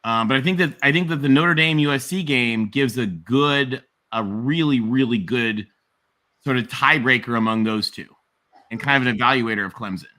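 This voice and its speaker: A man co-hosting a casual college football chat, cracking jokes and making quick asides. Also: mid-range voice, pushed and bright. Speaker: co-host.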